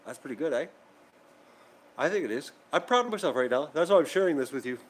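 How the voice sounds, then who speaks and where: A man's voice: fairly high pitch, expressive, fast, low-quality recording. A man, chatting casually and rambling on a livestream about his day and his animals. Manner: rambling, self-deprecating, talks to his animals. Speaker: vlogger raising ducks.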